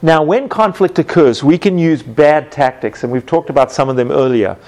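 A man teaching a Bible class, telling everyday stories with lively acted-out moments and questions to his students. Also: on the high side, normal speed. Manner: animated storytelling, acts out scenes with sound effects.

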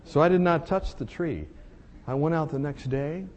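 A man preaching a sermon, telling a personal story in a confessional way that moves between hushed and emphatic. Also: fairly high pitch, normal speed.

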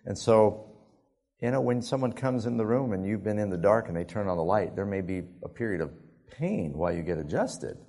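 A male preacher telling a story in a sermon, animated and often laughing as he talks. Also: on the low side, a little fast.

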